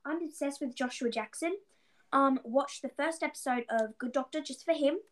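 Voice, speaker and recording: A young woman co-hosting a podcast, talking in an excitable, gushing, fangirly way. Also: high-pitched, moderate pace. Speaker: podcast co-host. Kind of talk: casual chat.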